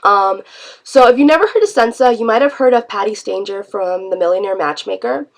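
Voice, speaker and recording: A woman's voice: mid-range voice, expressive, a little fast, vocal fry. A woman vlogger, congested from a cold, chatting in a rambling, self-deprecating way in an unscripted vlog.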